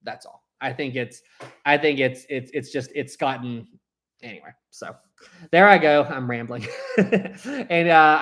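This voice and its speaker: Rambling and animated, a fairly high-pitched young man runs a casual live stream, often starting his sentences over and reading out viewer chats.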